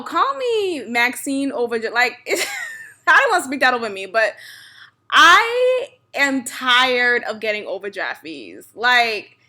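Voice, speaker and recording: A young woman talks casually on her own podcast, venting her frustration and often breaking into laughter. Her voice is bright and a little higher pitched than most. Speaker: podcast host. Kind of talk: casual solo podcast rant.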